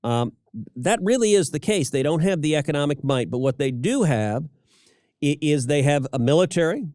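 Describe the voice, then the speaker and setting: Middle-aged male co-host, forceful political commentary with stuttered restarts, close dry mic. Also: fairly high pitch, expressive, moderate pace, no room sound. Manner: emphatic, repeats words when starting sentences. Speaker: senator and podcast co-host.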